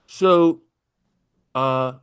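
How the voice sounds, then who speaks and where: A man's voice: mid-range voice, very slow, clear, resonant tone, no echo. Priest guest, male, spins stories and acts out dialogue, voice in a middle register. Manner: animated storyteller who acts out dialogue. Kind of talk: conversational storytelling.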